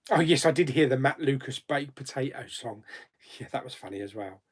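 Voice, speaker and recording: A man's voice: mid-range voice, lively intonation, a little fast, slightly rough. A man hosting a casual live chat, reading viewer comments aloud and answering them with frequent laughs. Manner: chatty, laughs often, reads comments aloud then answers. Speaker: YouTube host.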